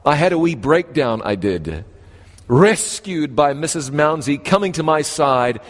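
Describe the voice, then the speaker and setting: A man from New Zealand with a New Zealand accent, preaching a storytelling sermon with animated swings in pitch and slow, emphatic phrases. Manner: animated, rises and drops sharply in pitch, slows for emphasis. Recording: long hall reverb.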